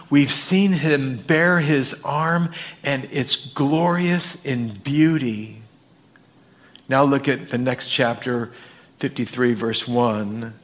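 A man's voice: mid-range voice, slow pace. A man preaching a sermon, reading scripture aloud and asking the congregation questions. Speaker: pastor.

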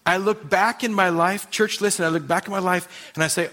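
A male pastor preaching a sermon, swinging from loud emphasis to hushed intensity. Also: high voice, steady tone, brisk.

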